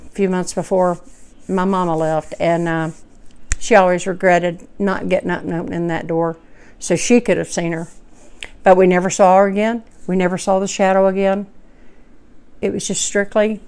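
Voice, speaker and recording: Smooth-voiced woman telling a story. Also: on the low side, darkish tone. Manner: heartfelt, rambling, folksy. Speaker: vlogger. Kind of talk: personal storytelling to camera.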